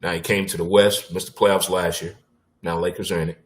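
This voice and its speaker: A man hosting a casual sports talk show, with a blunt, animated delivery, occasional swearing and punchlines he repeats for effect. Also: low voice, a little fast.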